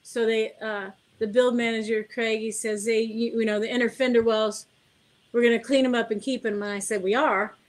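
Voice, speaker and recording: A woman's voice: fairly high pitch, fairly quick. A middle-aged woman, a guest car builder, telling anecdotes in a casual interview and acting out the dialogue. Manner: animated anecdote telling, acts out dialogue, laughs often.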